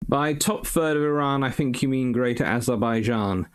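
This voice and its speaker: A man's voice: medium pitch, moderate pace, clean tone. A man hosting a live stream, reading out viewer comments and answering them in a casual, rambling way with frequent ums and uhs. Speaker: host answering viewer questions.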